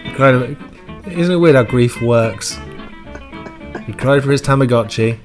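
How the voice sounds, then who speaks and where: A man co-hosting a podcast, tossing out blunt, sweary remarks in a dry, offhand way. His voice has an ordinary middle pitch for a man. Soft guitar music plays faintly behind him. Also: moderate pace. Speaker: podcast co-host. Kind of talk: casual chat.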